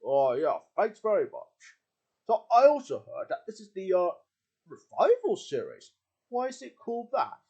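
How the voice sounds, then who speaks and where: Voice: mid-range voice, wildly swooping pitch, moderate pace, warm tone, slightly rough, heavily acted. A performer putting on a cheerful male cartoon bandicoot with an Australian accent. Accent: Australian, put on. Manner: laid-back, says "mate". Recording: slightly dull lo-fi sound.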